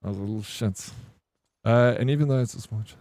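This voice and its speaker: A man's voice: fairly low pitch, fast talker, a little mellow, no room sound. Laid-back man telling stories. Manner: laid-back, swears, says "bro". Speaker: streamer. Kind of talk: casual storytelling to stream chat.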